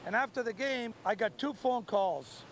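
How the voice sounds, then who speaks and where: A man in an interview, telling stories in an animated, jovial way. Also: very high voice, moderate pace, slight background noise. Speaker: interviewee, former player. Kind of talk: anecdotal interview.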